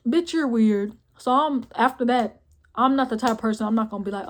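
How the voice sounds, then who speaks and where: A young woman recounting a family drama to her camera in a casual storytime vlog. She talks bluntly and swears freely, her voice sits a little higher than usual, and she sounds emotional, at times close to tears. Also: normal speed. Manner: blunt, profane storytelling with "boom, boom, boom" asides. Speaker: vlogger.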